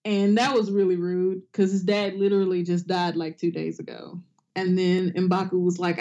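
A woman's voice: mid-range voice, moderate pace, lo-fi sound. A woman co-hosting a casual comedic podcast, swearing freely and acting out quotes in exaggerated voices. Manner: animated, swearing, acts out quotes in big voices. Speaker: podcast co-host.

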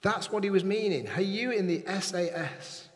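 Higher-voiced male preacher in a reverberant hall. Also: moderate pace. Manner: engaging, keeps checking in with the congregation. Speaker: pastor. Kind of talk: sermon. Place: church hall.

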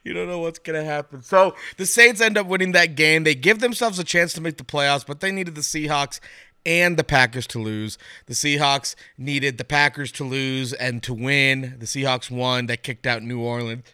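A man co-hosts a casual sports podcast, chatting animatedly and slipping into little voices when he quotes coaches. His voice is very bright and smooth, a touch higher than most men. It is recorded close and dry. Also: moderate pace, no room sound. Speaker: podcast co-host.

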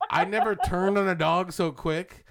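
A man in a casual podcast chat, riffing in an animated, profane way. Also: high voice, normal speed, vocal fry, a little hiss or hum.

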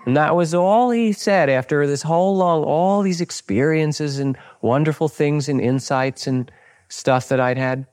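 A man giving a dharma talk as a meditation teacher, speaking in a calm, unhurried and gently instructive way with personal stories. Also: a little high.

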